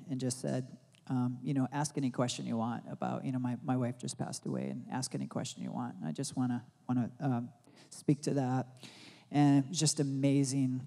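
A pastor giving a sermon, telling a rambling personal story full of fillers and restarts, growing loud and excited as he retells it. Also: medium pitch, in a large hall.

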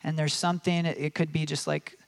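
A man with a slightly higher voice preaches a sermon in a loose, conversational way. He fills his talk with fillers and restarts, and acts out quoted voices with animation. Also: level tone, brisk.

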